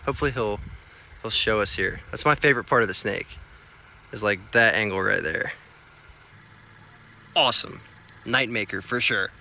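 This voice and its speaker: A young man vlogging on a rural road at night, chatty, excitable and self-mocking, with slang. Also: mid-range voice. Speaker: field herper vlogger. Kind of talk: casual vlog narration on the road.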